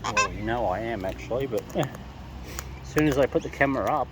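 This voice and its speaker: A man's voice: expressive, a little fast, heavy background noise. Playful man coaxing birds outdoors. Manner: playful coaxing, voice leaps high when calling birds. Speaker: bird-feeding vlogger. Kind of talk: casual talk to birds while filming. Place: outdoors feeding wild cockatoos.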